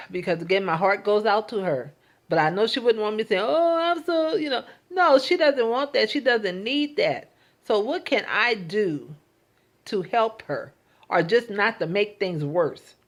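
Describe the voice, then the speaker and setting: A woman's voice: medium pitch, a little slow. A woman talking in a casual, reflective monologue. She is earnest and emotional, and she often repeats words and restarts her sentences. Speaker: vlogger.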